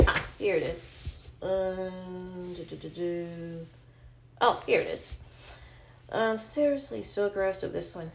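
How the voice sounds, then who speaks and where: Woman podcast host, casual rambling reader, gravelly. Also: on the low side, unhurried, a little hiss or hum. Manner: casual, rambling, thinks aloud. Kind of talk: casual reading aloud.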